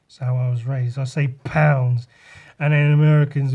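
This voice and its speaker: A man's voice: on the high side, normal speed, a little mellow. A young English man hosting a solo podcast, ranting sarcastically with lots of swearing while he draws. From England. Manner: talks while drawing. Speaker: podcast host, artist.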